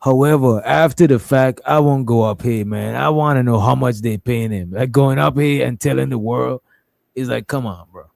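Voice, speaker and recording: A man's voice: mid-range voice, moderate pace, vocal fry, a little mellow, no echo. A man hosting a casual reaction stream, loose and slangy, incredulous at the clip he's playing. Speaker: stream host.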